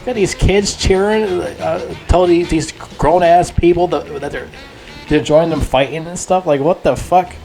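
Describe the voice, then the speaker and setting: A man giving a casual, unscripted movie review, rambling and excitable, swearing freely and leaning on filler words. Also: a little high, measured pace, vocal fry, soft background music.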